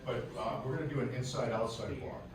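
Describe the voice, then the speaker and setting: A man with a Southern US accent teaching a martial arts class, explaining calmly and barking loud counts. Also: mid-range voice, fast talker, noisy background. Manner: calm explaining, with loud barked commands. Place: large echoey training hall. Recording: echoey hall, voice from far off.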